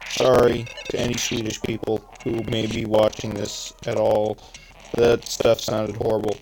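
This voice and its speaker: A man's voice: fairly low pitch, little pitch movement, normal speed, darkish tone, a little hiss or hum, rough recording. An eighteen-year-old man from Canada, rambling through casual gameplay commentary, often correcting himself mid-sentence. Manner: rambling, self-correcting, chatty asides. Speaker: let's play host. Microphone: phone screen-recorder mic.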